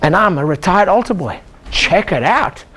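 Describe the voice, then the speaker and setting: A man's voice: high voice, animated, normal speed, a bit bright. An older man, a chiropractor, giving an exclamatory motivational seminar talk and leading the audience in call-and-response chants. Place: lecture room with a live audience.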